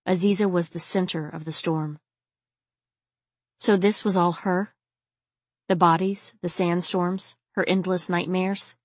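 Woman reading a novel out loud, steady and intimate, low voice, dry close sound. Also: a little slow, pauses often, no room sound. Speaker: audiobook narrator. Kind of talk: scripted audiobook narration.

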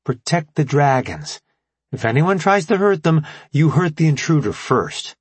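A man's voice: a little high, big pitch swings, a little slow, husky, dry recording, voice pushed up, exaggerated voice. A man voicing a young male soldier in an audiobook, giving firm, raised commands. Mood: commanding.

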